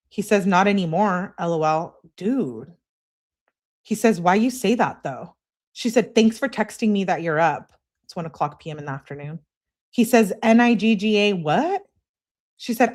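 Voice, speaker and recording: A woman hosting a live stream, reading text messages aloud in an animated way and breaking in with wry asides. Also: mid-range voice.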